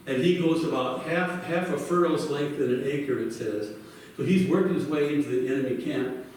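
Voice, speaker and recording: A male pastor retells a Bible story in a lively sermon, acting out each character's lines. His voice is slightly high and sits back from the mic, with heavy echo from a large church hall and a faint background hiss. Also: moderate pace, far from the mic.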